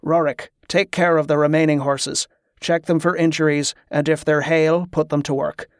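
A man's voice: on the high side, level tone, moderate pace, clean tone, no echo, clean studio sound, natural voice. A man voicing a stern, commanding middle-aged priest leader in an audiobook.

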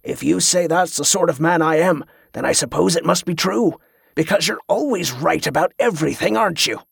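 A man's voice: fairly high pitch, a little fast, creaky, husky, dry recording, clean studio sound, heavily acted. A man voicing a cruel, short-tempered male captor who snarls and mocks, in an audiobook. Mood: sarcastic. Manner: snarling, sarcastic.

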